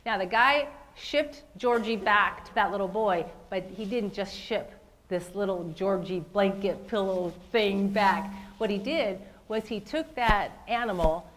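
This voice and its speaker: Woman keynote speaker, mid pitch, emphatic and repetitive, direct with the audience. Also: measured pace, a bit bright. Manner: emphatic, repeats phrases, asks audience questions. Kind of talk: live motivational keynote.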